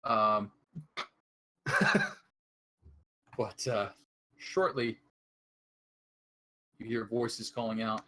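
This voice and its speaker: A man narrating a tabletop horror campaign as game master, describing scenes with frequent pauses and fillers. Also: fairly low pitch, fairly even intonation, bright, forceful tone.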